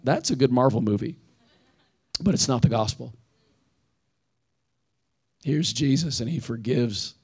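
A man's voice: mid-range voice, steady tone, moderate pace, creaky, darkish tone. A man in his thirties who pastors a church, preaching a sermon in an earnest, conversational way and repeating emphatic phrases. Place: church sanctuary.

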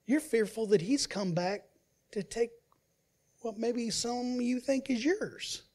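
This is a sermon from a man preaching as a pastor, his voice very high and his delivery slow. Booming emphasis gives way to soft, quiet asides, and he acts out whoever he quotes.

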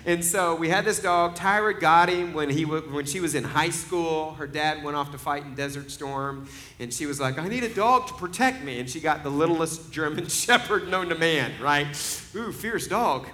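A little hiss or hum sits under a man in his forties delivering a sermon at normal speed, his voice on the high side. The pastor tells stories in a chatty way, building to loud emphasis punctuated by laughter.

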